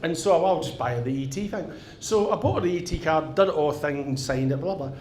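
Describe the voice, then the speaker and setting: Northern Irish male stand-up, middle-aged, cheeky and sweary, slightly high voice, echoey live room. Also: brisk, slight background noise. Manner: animated, swearing, tags lines with "right?". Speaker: stand-up comedian. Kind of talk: stand-up storytelling. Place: theatre stage. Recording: echoey live venue with audience.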